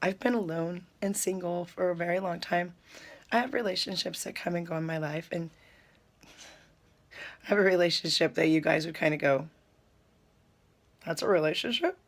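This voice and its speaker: A woman, chatting to her viewers in an animated, storytelling way while sipping coffee. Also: fairly low pitch, normal speed, long pauses. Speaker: spiritual vlogger. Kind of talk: casual spiritual talk to viewers.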